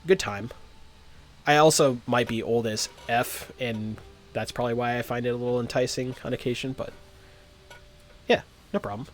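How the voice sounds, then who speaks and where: A man's voice: medium pitch, steady tone, moderate pace, long pauses, soft background music. A man streaming a role-playing game live, chatting casually with lots of fillers and reading game text aloud. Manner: rambling, lots of uhs and ums.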